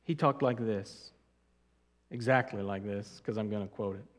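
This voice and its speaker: A man preaching an expository sermon, stressing key words loudly and dropping to quiet asides. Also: lowish voice. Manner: emphatic, deliberate, swings from loud stresses to quiet asides. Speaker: pastor. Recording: long hall reverb.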